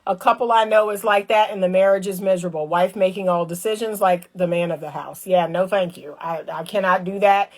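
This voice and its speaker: A woman giving casual, animated commentary on relationships. She talks straight to her viewers in colloquial speech, repeats phrases for emphasis and acts out little scenes. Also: fairly low pitch, fairly quick, hardly any pauses. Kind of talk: casual direct-to-camera commentary.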